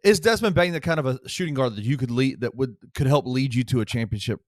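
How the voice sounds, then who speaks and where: A man's voice: medium pitch, fast talker, no echo, clean studio sound. A man hosting a sports podcast in casual conversation, often restarting his sentences. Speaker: podcast host.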